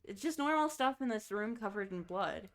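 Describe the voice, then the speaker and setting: A woman's voice: medium pitch, animated, moderate pace. A woman streaming a game and chatting casually, thinking aloud and swearing freely.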